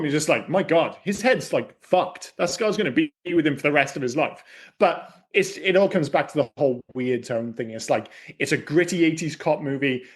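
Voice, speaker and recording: A man co-hosting a film podcast, talking in an animated, chatty way and swearing casually. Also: fairly high pitch. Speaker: podcast co-host.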